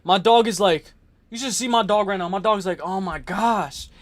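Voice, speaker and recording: A man hosting a live stream, ranting and joking in an excitable, profane way while reading viewer comments. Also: high-pitched, fairly quick.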